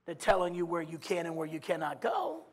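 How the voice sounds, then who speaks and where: A man preaching a sermon, swinging from quiet musing to loud shouts, with many stammered restarts and repeated "I mean". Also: fairly high pitch, sing-song, fairly quick.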